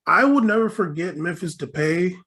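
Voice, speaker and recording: A high-voiced young man tells stories on a casual podcast. He sounds excitable and often repeats a word or two before his sentence gets going. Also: normal speed. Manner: storytelling, excitable, repeats words when starting a sentence. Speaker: podcast co-host. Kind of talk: casual chat.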